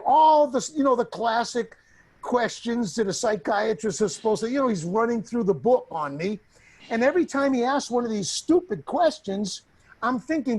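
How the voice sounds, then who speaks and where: A man as an interview guest, telling a personal story in a lively, blunt way, swearing freely and acting out the people he quotes. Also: very high-pitched, moderate pace, slightly rough.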